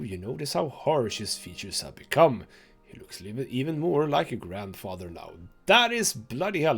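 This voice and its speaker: Gravelly, lively gaming host. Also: male voice, a little high. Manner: chatty asides with laughs between read passages. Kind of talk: let's play narration, reading game text aloud.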